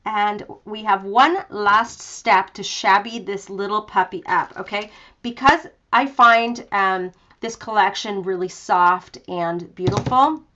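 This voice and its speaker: A woman's voice: medium pitch, a bit bright, dull audio. A young woman hosting a live craft tutorial from her home craft room, chatty and self-deprecating, with lots of fillers. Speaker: craft demonstrator.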